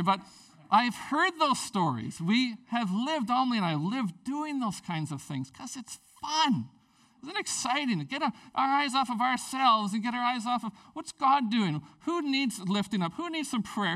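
A man, a pastor, preaching a sermon in a church, swinging between loud, animated bursts and quiet asides with a playful tone. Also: very high voice, normal speed, distant mic. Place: church sanctuary.

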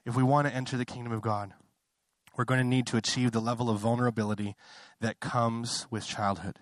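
A man's voice: little pitch movement, brisk, no echo. Young male pastor, conversational sermon delivery with impassioned climbs, dry recording. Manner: conversational, building to impassioned high-pitched fervor; self-interrupting, apologetic asides.

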